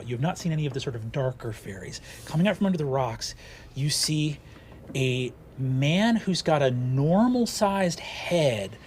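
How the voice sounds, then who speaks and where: A man's voice: fairly high pitch, slight background noise. A man narrating a tabletop fantasy game as game master, with vivid, descriptive storytelling.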